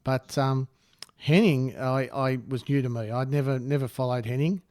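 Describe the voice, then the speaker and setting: A friendly man chatting on a podcast, easygoing and quick to laugh, calling others mate. His pitch is average. The recording is dry, with no room sound. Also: steady tone, a little mellow, dry recording. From Australia. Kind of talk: casual podcast chat.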